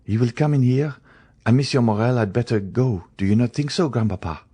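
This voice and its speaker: A man voicing an anxious, gentle young woman who speaks urgently and pleadingly, read in an audiobook. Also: mid-range voice, brisk, husky, voice pushed up, natural voice. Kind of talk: audiobook character reading.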